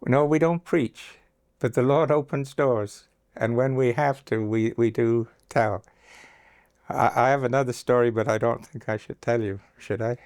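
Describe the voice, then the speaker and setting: An older man recounts anecdotes in an interview, slipping into the voices of the people he quotes. His pitch sits in the middle for a man. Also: steady tone, moderate pace, darkish tone, clear, resonant tone. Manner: anecdotal, acts out quoted dialogue. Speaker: interviewee, agency founder. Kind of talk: storytelling interview.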